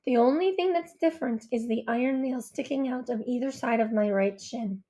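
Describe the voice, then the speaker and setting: A woman narrating a first-person novel in a gentle, wistful way. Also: a little high, a little fast. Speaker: audiobook narrator.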